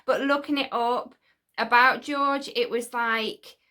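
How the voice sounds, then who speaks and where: High, bright-voiced woman fan vlogger. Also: takes it slowly. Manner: chatty, with excited asides. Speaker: fan channel host. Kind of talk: casual fan vlog talk.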